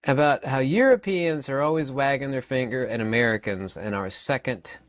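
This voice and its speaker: A man in his fifties holds forth in a rambling opinion monologue, stumbling over repeated words and fillers as he presses his points. His voice sits at an ordinary middle pitch. The sound is dry and close, with no room around it. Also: normal speed, no echo. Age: 50s. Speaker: channel host.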